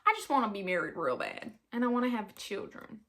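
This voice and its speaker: A woman's voice: mid-range voice, lively intonation, a little fast, fairly bright tone. A nineteen-year-old woman hosting her own podcast, chatting casually in a rambling, giggly, self-mocking way and putting on an accent now and then. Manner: puts on an accent in places. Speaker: podcast host. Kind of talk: casual solo podcast chat.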